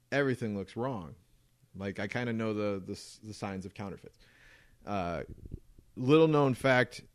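A man's voice: lowish voice, no echo. A man in his thirties co-hosting a podcast, telling a rambling story in casual chat with plenty of swearing. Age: 30s. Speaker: podcast co-host.

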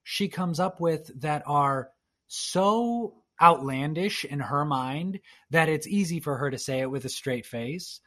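A man as a podcast guest, telling a lively anecdote in casual chat and acting out quoted lines. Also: a little high, measured pace. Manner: animated, acts out quoted dialogue with restarts.

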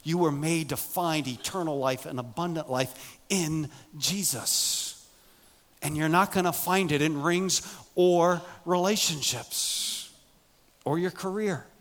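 A middle-aged male pastor delivers a sermon in a notably high voice. He is emphatic, pushing some passages loud and raised before dropping into quiet, low asides. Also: takes it slowly.

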